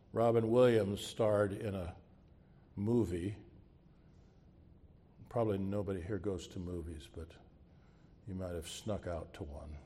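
Slow, mellow-voiced male pastor preaching. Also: fairly low pitch. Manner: asks the congregation rhetorical questions; closes with a spoken prayer. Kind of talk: sermon.

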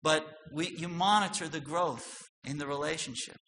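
Male preacher, fairly high, tense bright voice, loud-then-soft delivery, long hall echo. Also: moderate pace. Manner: swings from loud emphatic lines to soft low asides. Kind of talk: sermon. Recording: long hall reverb with faint noise.

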